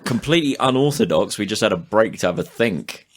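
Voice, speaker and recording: A man's voice: lowish voice, lively intonation, fairly quick, faint music behind. A man co-hosting a podcast, chatting casually and dryly keeping the show moving. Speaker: podcast co-host. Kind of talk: casual chat.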